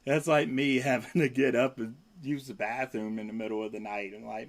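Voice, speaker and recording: A man's voice: mid-range voice, fairly even intonation, brisk, few pauses. A laid-back man hosting a casual home livestream, chatting and cooing at his pet in baby talk. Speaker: livestream host. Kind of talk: casual chat.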